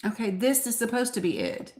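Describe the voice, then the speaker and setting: A woman's voice: a little high, very animated, brisk, darkish tone. A woman hosting a live stream, chatting casually and rambling, talking straight to her viewers and getting openly frustrated. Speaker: livestream host.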